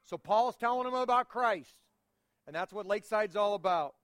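A man's voice: high-pitched, moderate pace, fairly bright tone, no echo. A man preaching a sermon as pastor, folksy and teaching, leading the congregation in call-and-response.

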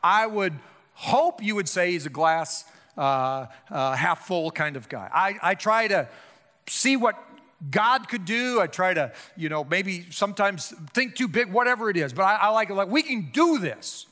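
An older man preaching a sermon, impassioned, swinging between loud emphatic calls and hushed low appeals. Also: big pitch swings, unhurried. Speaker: pastor. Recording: long hall reverb.

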